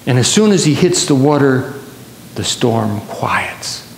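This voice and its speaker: A man's voice: medium pitch, sing-song, takes it slowly, vocal fry, a little hiss or hum. A male pastor telling a Bible story in a sermon, with many restarts and repeated words. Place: large church sanctuary. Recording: echoey church hall.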